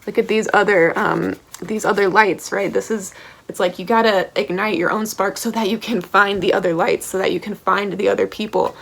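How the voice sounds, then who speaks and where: Woman tarot reader, blunt and heated, cursing, gravelly fry in her voice. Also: medium pitch, fairly even intonation, normal speed. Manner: blunt, passionate, swears freely, keeps checking in with "okay?" and "right?". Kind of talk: pick-a-card tarot reading to camera.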